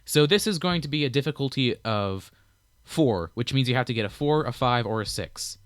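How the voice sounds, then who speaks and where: A young man narrating and explaining rules as game master of a tabletop game, relaxed and playful. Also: medium pitch, moderate pace, clear, resonant tone, no echo, studio quality.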